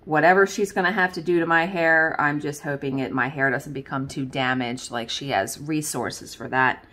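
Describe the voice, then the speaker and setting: A woman's voice: low voice, fairly even intonation, normal speed, fairly bright tone. A woman chatting casually to viewers as she works on a craft, rambling with lots of fillers and laughs. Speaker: craft video host. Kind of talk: casual chat while crafting.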